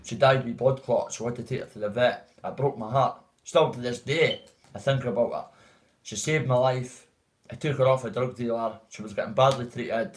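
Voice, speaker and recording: A man's voice: medium pitch, steady tone, normal speed, poor audio. A man with a Dundee Scottish accent, chatting casually and at length to viewers on a livestream, calling them mate. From Dundee, Scotland. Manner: rambling, greets chat as mate. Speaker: livestream host. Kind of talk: casual live chat.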